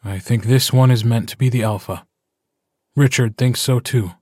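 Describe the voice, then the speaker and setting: A man's voice: medium pitch, fairly even intonation, normal speed, a little mellow, slightly rough, no room sound, studio quality, natural voice. A man voicing a weary, stubborn young man who leads a wolf pack, speaking firmly in an audiobook. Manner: weary, firm. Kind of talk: audiobook character voice.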